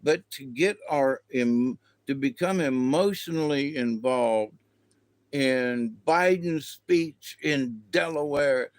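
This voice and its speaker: A man's voice: mid-range voice, slow, no room sound. A man hosting a casual spiritual livestream, rambling and chatting to viewers, often laughing. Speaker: livestream host.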